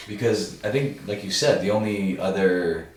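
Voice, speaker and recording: A man with a deep voice chats easily about whisky on a podcast. He sits away from the mic in a very echoey room with a faint hiss underneath. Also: moderate pace, distant mic. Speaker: podcast co-host. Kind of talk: casual podcast chat.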